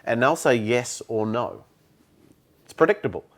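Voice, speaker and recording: A man's voice: medium pitch, animated, normal speed. A man, a sales trainer talking bluntly in an interview and acting out phone calls. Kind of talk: conversational interview.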